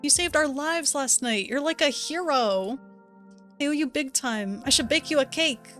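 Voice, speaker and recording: A woman's voice: sits high, normal speed, a bit bright, faint music behind, pitched above the performer's own voice. A woman voicing a cheerful young girl in a hospital bed, goofy and bubbly on pain meds. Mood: loopy.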